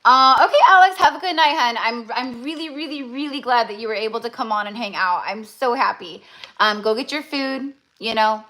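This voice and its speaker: A woman's voice: fairly high pitch, brisk, pushed and bright. A young woman giving a live-stream tarot reading, talking in a gushing, effusive way with many fillers and restarts. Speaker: tarot reader.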